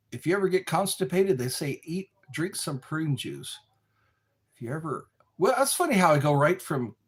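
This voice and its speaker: A man hosting a rambling live stream, chatting slowly with viewers from a dark room lit by a candle. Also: medium pitch, breathy edge. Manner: slow, meandering, talks to viewers. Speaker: livestream host.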